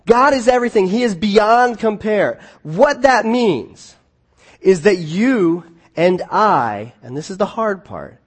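A man preaching a conversational sermon, often restarting his phrases and swinging between quiet asides and emphatic points. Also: sits high, very animated, takes it slowly, husky. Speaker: pastor.

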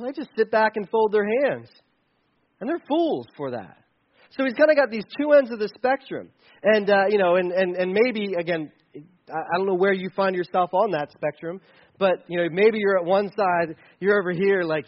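A man's voice: high-pitched, dull audio. A man preaching conversationally on a Bible passage, rambling and playfully acting out examples. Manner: casual, rambling, with playful acted-out asides. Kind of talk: conversational sermon.

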